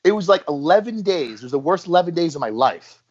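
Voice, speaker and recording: A man telling stories in a casual podcast chat, animated and acting out what people said. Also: on the high side, quick pace. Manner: storytelling, animated, acts out quotes. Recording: dull lo-fi podcast audio.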